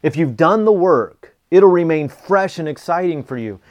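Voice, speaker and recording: A man's voice: on the high side, animated, moderate pace, a little mellow, dull audio. A middle-aged man giving a motivational talk, telling personal stories and repeating key phrases earnestly, with the odd chuckle. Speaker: speaker teaching a planning method.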